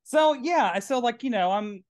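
This podcast host is a Tennessee man speaking in a Southern accent while in his drag queen persona, keeping things chatty and playful. His very high-pitched voice has lively intonation, and he speaks at a measured pace.

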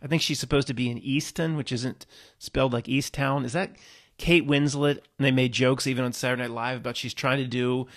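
Gravelly man musing aloud to viewers. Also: fairly even intonation, fairly quick. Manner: rambling, restarts often, swings from low mutters to loud emphatic bursts. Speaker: YouTube channel host. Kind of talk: casual monologue to viewers.

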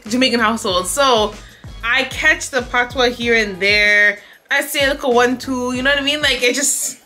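A young woman from Canada chatting casually through a Q&A vlog, animated and laughing often. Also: a little high. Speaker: vlogger.

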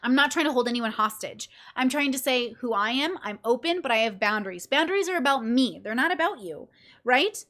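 A woman's voice: sits high, expressive, fairly quick, fairly bright tone. A tired woman hosting her own podcast, talking casually and animatedly, acting out friends and swearing freely. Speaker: podcast host.

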